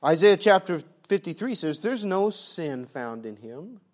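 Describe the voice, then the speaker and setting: A man preaching a sermon, asking rhetorical questions and swinging between hushed, soft passages and loud, emphatic ones. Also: sits high, big pitch swings, a little slow.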